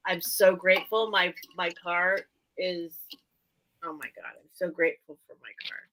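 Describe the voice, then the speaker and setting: A woman hosting a live online sale, chatting excitably and teasing herself. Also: fairly low pitch, moderate pace, low-quality recording. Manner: chatty, excitable, self-mocking. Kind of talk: casual live-sale chat.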